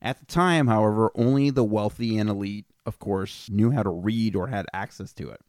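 A man's voice: on the low side, normal speed, a little mellow, no echo. A man co-hosting a casual podcast, reading out history facts and joking with his friends. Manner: joking, reads out facts between banter. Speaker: podcast co-host presenting facts.

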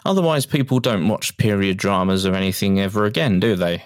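A man's voice: deep voice, a little fast, no echo, clean studio sound. A man co-hosting a podcast, chatting casually and laughing often. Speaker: podcast co-host. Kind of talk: casual chat.

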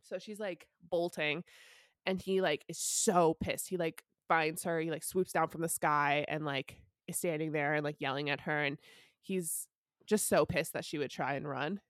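Low-voiced chatty young woman, dry sound. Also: steady tone, normal speed, no room sound. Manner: chatty, peppered with "like" and casual swearing. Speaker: podcast co-host. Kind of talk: casual book recap chat.

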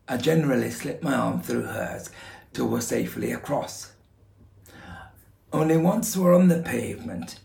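Male actor as fussy middle-aged northern son, Northern English accent, gravelly, echoey room. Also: medium pitch, voice pushed up. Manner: wry storytelling monologue with quoted voices.

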